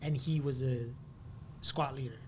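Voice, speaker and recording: A man's voice: medium pitch, fairly even intonation, a little slow, darkish tone, slight background noise. A man hosting a casual conversation, affirming the guest, summing up points and laughing along.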